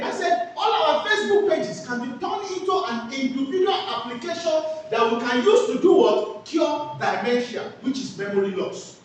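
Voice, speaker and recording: A woman teaches a class, throwing questions at it and answering them herself. Her voice is high and lively, with wide swings of pitch. She is heard from a distance in a very echoey room with faint background noise. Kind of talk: classroom lecture with call-and-response questions.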